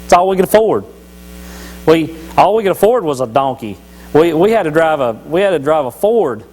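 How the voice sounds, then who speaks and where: A man's voice: a little high, sing-song, moderate pace, a little mellow, slight background noise, rough recording. A man giving a folksy, joking devotional talk at church, telling Bible stories with many restarts. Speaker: lay church speaker.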